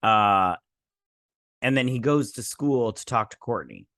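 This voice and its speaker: A man's voice: fairly low pitch, expressive, measured pace, a bit bright, no room sound, studio quality. A man in his younger adult years chatting casually as a show host, recapping an episode in a rambling way that slips into quoted lines.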